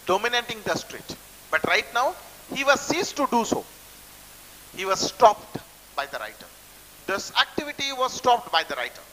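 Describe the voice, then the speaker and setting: A man's voice: sits high, bright, forceful tone, big-room sound, poor audio. A man with an Indian English accent explaining a textbook story to students, repeating phrases and stopping to define words. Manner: repetitive, restarts phrases while explaining word meanings. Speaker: college English teacher.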